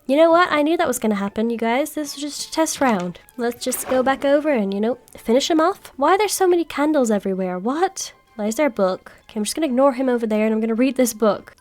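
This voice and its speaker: A woman giving chatty, excitable gameplay commentary, often squealing when startled. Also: high-pitched, fast, hardly any pauses. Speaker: gaming video creator.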